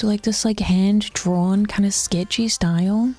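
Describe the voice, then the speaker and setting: A young New woman talks loosely to her stream in a mid-pitched voice. She swears freely, laughs easily and often slips into a whisper. Soft music plays behind her. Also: steady tone, slow, hardly any pauses. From New Zealand. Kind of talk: casual live-stream chat.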